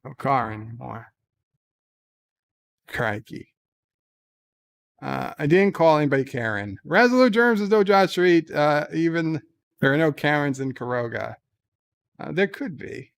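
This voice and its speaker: A man's voice: fairly high pitch, expressive, normal speed, gravelly, clear, resonant tone. A man hosting a livestream, reading chat comments aloud in a casual, wry way with frequent filler words. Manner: reads chat aloud, chatty, lots of uh fillers, wry asides. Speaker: livestream host.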